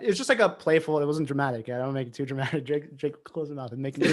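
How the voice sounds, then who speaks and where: A man's voice: mid-range voice, rapid-fire, hardly any pauses, a little hiss or hum. A young man chatting casually on a podcast, telling a story with frequent laughs and swearing. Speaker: podcast co-host. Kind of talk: casual chat.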